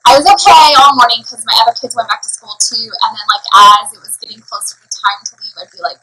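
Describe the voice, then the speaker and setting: A woman in her thirties chatting on a casual live stream about her bakery, rambling with lots of fillers and quick laughs. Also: on the high side, lively intonation, pushed and bright, husky, rough recording.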